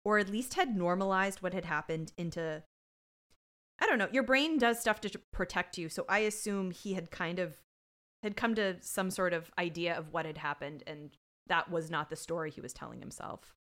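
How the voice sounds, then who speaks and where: A woman's voice: fairly low pitch, normal speed, a bit bright. A woman co-hosting a podcast, chatting casually and reacting emphatically. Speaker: podcast co-host. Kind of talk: casual chat.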